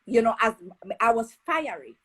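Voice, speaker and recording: A woman with a Jamaican accent hosting a casual chat, enthusiastic and quick to exclaim and affirm. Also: a little high, big pitch swings, poor audio. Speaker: host.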